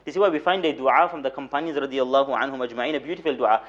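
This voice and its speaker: A young man lecturing in a mosque as a moulana, telling stories with light humor, repeating words for emphasis and reciting Arabic rapidly. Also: mid-range voice. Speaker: moulana giving a weekly lecture. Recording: dull lo-fi recording.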